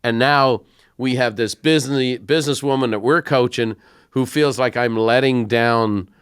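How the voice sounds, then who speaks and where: A middle-aged man hosting an interview podcast, telling stories in a conversational, animated way. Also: mid-range voice, moderate pace, clear, resonant tone, no room sound, clean studio sound. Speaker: podcast host.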